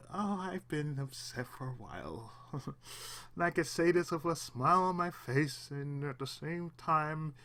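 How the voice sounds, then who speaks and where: Man on the edge of tears, fairly high voice, halting and raw confessional delivery, alone at home. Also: fairly bright tone. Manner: halting, repeats himself, long pauses, swears. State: on the verge of tears. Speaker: channel host.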